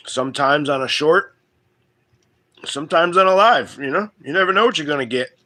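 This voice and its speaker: A man hosting his homestead channel, chatting casually and crudely with viewers in a relaxed, rambling drawl. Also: a little high, normal speed. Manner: relaxed drawl with loose grammar and fillers. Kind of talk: casual livestream chat with viewers.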